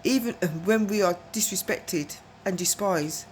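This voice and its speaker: At a measured pace and medium pitch, a woman spins a long, rambling tale to camera, with a little hiss or hum in the audio. Her casual monologue is dotted with laughs and repeated checks that you follow.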